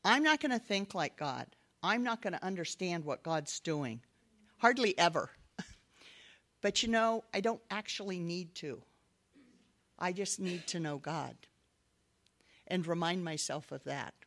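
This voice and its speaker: A woman's voice: fairly low pitch, expressive, measured pace, long pauses, fairly bright tone. A middle-aged woman giving a sermon-style personal testimony, telling her story earnestly with light laughs. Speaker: speaker giving a devotional talk.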